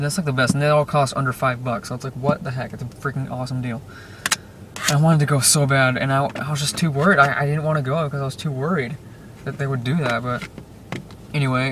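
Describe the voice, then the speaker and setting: A young man in his late teens, vlogging from inside a car in a rambling, filler-heavy way, saying "dude" and "freaking" a lot. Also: medium pitch. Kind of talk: casual rambling vlog talk. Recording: clear car and road noise.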